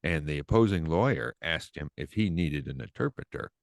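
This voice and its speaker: A man talking as a guest on a casual podcast, wry and quick to laugh. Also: extremely low pitch, lively intonation, vocal fry, no room sound, studio quality.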